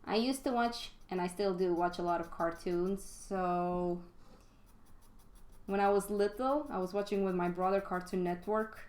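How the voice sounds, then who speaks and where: A woman's voice: mid-range voice, measured pace, a little mellow. A woman giving a casual, chatty charcoal drawing lesson while live-streaming, frank and swearing now and then. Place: home studio, live stream.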